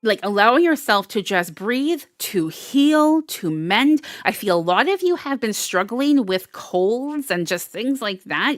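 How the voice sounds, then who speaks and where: A woman's voice: medium pitch, expressive, a little slow, dry recording, clean studio sound. A woman doing a casual, intuitive tarot reading, chatty and rambling with frequent restarts. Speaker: tarot reader.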